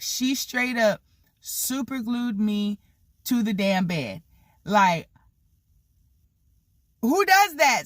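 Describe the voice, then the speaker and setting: This is a person in their thirties spinning childhood stories for a vlog, with a voice sitting at a mid-range pitch. The delivery is loose and animated, full of casual cursing and "like" fillers. The sound is close and dry, with no room echo. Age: 30s. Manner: animated, swears freely, acts out the people in the story; heavy use of "like" and "you know" fillers. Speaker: vlogger telling a story.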